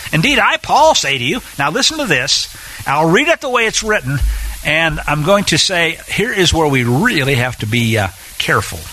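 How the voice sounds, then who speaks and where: A man preaching a sermon in an emphatic, animated way, with sarcastic asides. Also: on the high side, moderate pace, poor audio.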